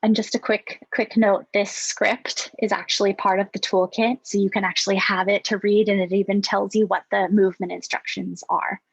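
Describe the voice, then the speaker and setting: A woman on a video call, gently guiding a breathing and mindfulness exercise. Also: medium pitch, normal speed, creaky, few pauses, husky, dry recording. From Hawaii. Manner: calm, gentle instructing. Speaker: yoga and mindfulness presenter. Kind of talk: guided mindfulness workshop. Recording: dull, dry video call audio.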